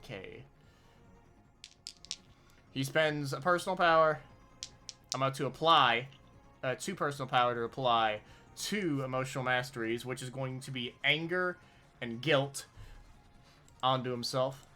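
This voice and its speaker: Bright-voiced man describing his tabletop character. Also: mid-range voice, soft background music. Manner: halting, with many restarts and fillers. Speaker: player.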